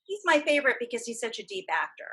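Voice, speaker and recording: A woman's voice: fairly high pitch, quick pace, husky. A woman guest on a podcast, chatting casually and enthusiastically as a voice actress about superhero films. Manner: enthusiastic, animated fan talk.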